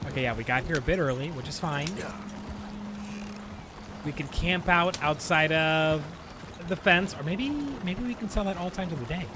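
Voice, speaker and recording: A man streaming a video game live, chatting casually and getting excitable, swearing and laughing at his own mistakes. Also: on the high side, normal speed, pauses often, background noise. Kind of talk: live gameplay commentary.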